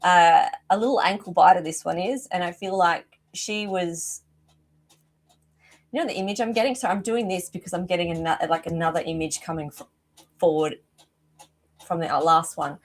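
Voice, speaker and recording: A woman's voice: on the low side, a little fast. A middle-aged woman, hosting a live psychic reading as an animal communicator, chatting effusively and often breaking off mid-sentence. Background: rooster crowing outside.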